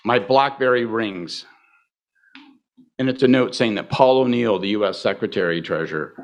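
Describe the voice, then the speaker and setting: A man's voice: on the low side, normal speed. A man telling a long story at a live podcast taping, wry, profane and self-mocking. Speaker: podcast co-host. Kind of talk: animated storytelling on stage. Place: live event on stage.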